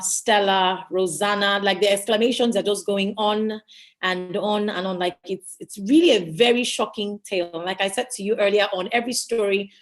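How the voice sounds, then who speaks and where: Woman host, chatty, steers the panel with questions, mid-pitched. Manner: chatty, asks guests for opinions. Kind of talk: hosting a live online talk show.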